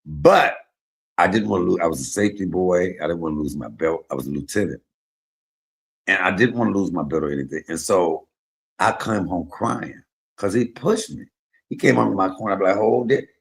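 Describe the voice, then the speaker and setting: A middle-aged man hosting a casual chat, telling profane, animated stories. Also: deep voice, fast, vocal fry. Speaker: host.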